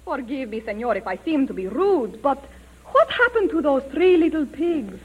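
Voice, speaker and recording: Little Red Riding Hood. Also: female voice, high voice, very animated, moderate pace, phone-quality sound, a little hiss or hum. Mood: polite. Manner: prim, formal phrasing.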